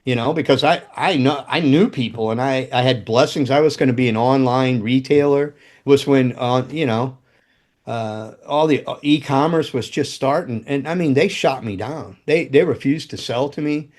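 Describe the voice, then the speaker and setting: A man's voice: mid-range voice, normal speed, darkish tone. A man telling rambling, profane stories in casual chat as a podcast guest. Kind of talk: casual storytelling.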